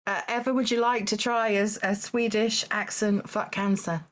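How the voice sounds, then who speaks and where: A woman with a mid-pitched voice hosts a live charity game stream. She reads out donations and calls on players politely, with plenty of small fillers. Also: normal speed. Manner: calm, polite, frequent uh and um. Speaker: game show host reading donations.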